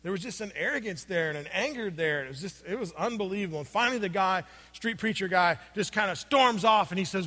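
A man preaching a sermon, telling a personal story in a conversational way with plenty of fillers, moving between loud stretches and hushed asides. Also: high-pitched, lively intonation, fast, few pauses. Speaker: pastor. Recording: long hall reverb.

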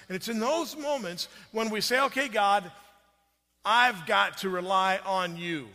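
Guy pastor telling a story in his sermon, kinda high voice, long hall echo. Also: bright, forceful tone. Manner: storytelling, conversational with restarts.

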